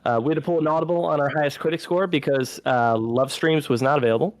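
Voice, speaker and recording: A man co-hosting a film podcast, recapping plots in lively casual chat and acting out lines. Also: a little high, fast talker, rough recording. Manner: animated, recaps plots with acted-out quotes. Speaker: podcast co-host.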